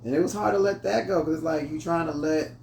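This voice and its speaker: A man's voice: fairly high pitch, a little fast, gravelly, a little mellow. A man hosting a casual chat over drinks, laid-back and rambling. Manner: laid-back, storytelling with many restarts. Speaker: host. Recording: echoey room, voice from mic distance, faint noise.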